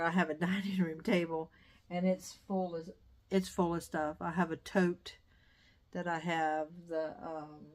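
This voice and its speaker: A middle-aged woman chatting casually in a home vlog, wandering off topic and coming back. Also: lowish voice. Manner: chatty, digressive. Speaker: vlogger. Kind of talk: casual chat. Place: dining room used as sewing room.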